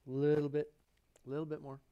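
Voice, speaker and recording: A man's voice: fairly high pitch, monotone, moderate pace, clean tone, muffled recording. A man hosting a live painting show, chatting and joking to himself as he paints, recorded in a painting studio. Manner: rambling, talks to himself while painting, joking asides. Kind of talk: live painting demonstration chat.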